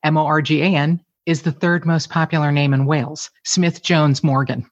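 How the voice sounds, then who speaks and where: A woman's voice: low-pitched, moderate pace, no room sound, muffled recording. A middle-aged woman from the Cincinnati area, talking candidly and animatedly as a guest in a casual conversation. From Cincinnati area, Ohio. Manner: candid, animated storyteller who curses freely.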